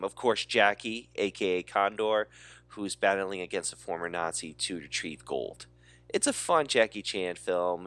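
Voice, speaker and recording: Deep-voiced man chatting about movies. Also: fairly bright tone. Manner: enthusiastic, rambling with fillers. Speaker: podcast co-host. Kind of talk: casual movie chat.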